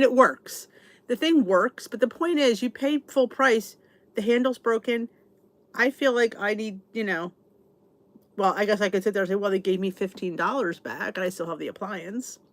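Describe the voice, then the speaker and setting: Woman, middle-aged, American, live chat host, chatty, exasperated, restarts, mid pitch. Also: moderate pace. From United States. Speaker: channel host. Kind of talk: casual live chat reading comments.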